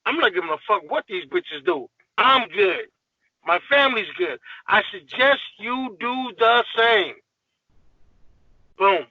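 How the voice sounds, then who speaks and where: A man's voice: high-pitched, animated, takes it slowly, no echo, dull audio. A man guest on a podcast, ranting in a heated, profane, emphatic way in casual talk.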